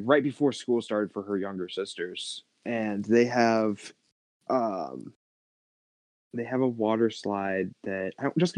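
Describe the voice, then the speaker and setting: A man, a podcast guest, in casual chat, telling a story in an animated, reactive way. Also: fairly low pitch, no echo.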